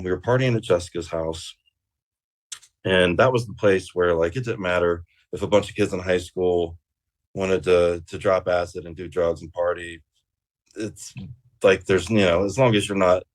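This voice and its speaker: A man guest on an interview show, telling a rambling story casually with plenty of swearing and fillers. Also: low voice. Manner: rambling and profane, with many fillers.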